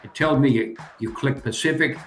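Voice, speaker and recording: A man's voice: medium pitch, normal speed, roomy sound, slight background noise. An older man, the student's uncle, patiently demonstrating a geography game step by step as a teacher.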